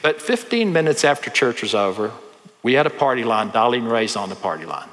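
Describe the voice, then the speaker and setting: Folksy Texan preacher in a reverberant hall. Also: male voice, mid-range voice, fairly quick. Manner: folksy, animated storyteller who acts out voices. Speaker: pastor. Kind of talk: storytelling sermon.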